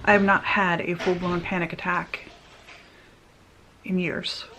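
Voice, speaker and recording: A woman vlogger telling a personal story in a casual, animated way, with quick restarts as she goes. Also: on the low side, slight background noise. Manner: animated, tumbling retelling with restarts.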